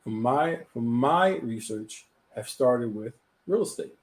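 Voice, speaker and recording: A man's voice: medium pitch, expressive, slow pace. A man hosting a live talk show, chatting casually and often repeating words as he gets a thought going. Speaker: host.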